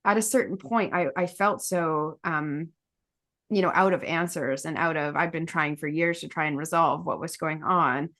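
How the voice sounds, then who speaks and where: A woman's voice: low-pitched, moderate pace, a bit bright. A woman talking candidly in a podcast conversation, rambling with fillers and restarts and laughing often mid-sentence.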